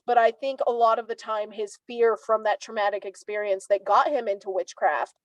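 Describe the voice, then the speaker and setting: A young woman from Savannah, a guest in a casual conversation, animated as she tells stories and acts out what others said. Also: mid-range voice, dry recording, low-quality recording. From Savannah, Georgia, US. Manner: animated storyteller, acts out quoted speech.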